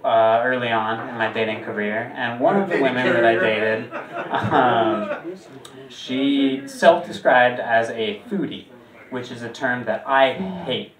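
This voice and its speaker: Man, stand-up comic, middle pitch, punchlines jump high and loud, roomy echo, distant mic. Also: unhurried, a crowd in the background. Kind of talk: stand-up routine. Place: comedy club stage. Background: audience laughter.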